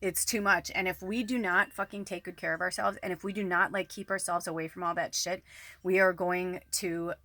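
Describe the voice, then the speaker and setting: Woman, psychic medium host, rambling candid vlog talk, bright voice, close to the camera, plenty of swearing. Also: fairly low pitch, steady tone, a little fast, no echo. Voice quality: frequent swearing, rambling and emphatic. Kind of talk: candid casual monologue to camera. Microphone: camera close to the face.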